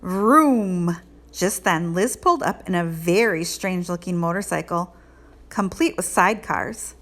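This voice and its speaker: A woman reading a children's picture book aloud in an expressive, lilting storytelling way. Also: fairly low pitch, a little slow. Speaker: read-aloud host.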